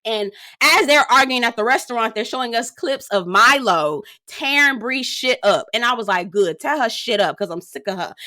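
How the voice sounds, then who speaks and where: A woman's voice: mid-range voice, sharp tone. A young woman casually recapping a reality show, sassy and profane, with dramatic asides.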